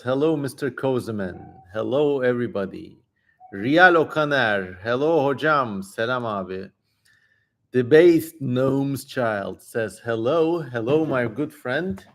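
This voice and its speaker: A man hosting a live stream, chatting casually and reading viewer comments aloud in a relaxed, easygoing way. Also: mid-range voice.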